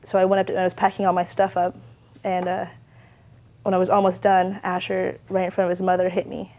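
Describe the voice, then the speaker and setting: Woman, defendant on court show, flat monotone delivery, defensive, rambling. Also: fairly low pitch, fairly quick, a little hiss or hum. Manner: defensive, rambling, many restarts. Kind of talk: testimony in a TV courtroom.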